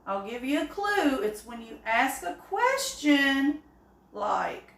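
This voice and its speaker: A woman teaching an early-grade phonics lesson, speaking slowly and encouragingly. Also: sits high, sing-song, fairly bright tone. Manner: slow, encouraging, with drawn-out examples. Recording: echoey room.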